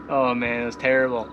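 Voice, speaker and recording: A young man with a Midwestern accent talks through his boat in a loose, rambling way, full of "uh"s and quick laughs. His voice sits at an ordinary middle pitch. The outdoor recording carries clear background noise and he drifts nearer and farther from the camera. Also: fairly bright tone, muffled recording. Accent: Midwestern American. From Minnesota or the Midwest. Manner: rambling, laughs often, many fillers. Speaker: vlogger showing his boat. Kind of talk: casual walkthrough. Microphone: camera set on the boat, distance varies.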